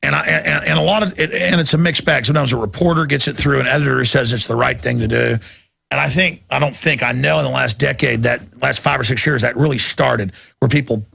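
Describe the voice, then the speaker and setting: A man's voice: medium pitch, brisk, gravelly, sharp tone, slightly rough, dry recording, studio quality. A man hosting a talk show, giving emphatic, rambling, impassioned commentary. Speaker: show host.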